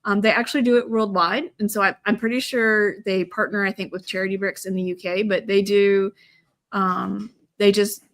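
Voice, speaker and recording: A woman's voice: mid-range voice, steady tone, normal speed. A middle-aged woman from the US, a guest in a casual chat, talking in a rambling, hesitant way with many fillers.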